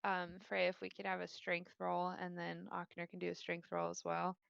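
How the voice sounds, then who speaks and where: A woman's voice: on the low side, completely flat delivery, moderate pace, vocal fry, fairly bright tone, clean tone, no echo, muffled recording. Woman running a tabletop game. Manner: loose, thinking aloud with many fillers. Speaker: dungeon master.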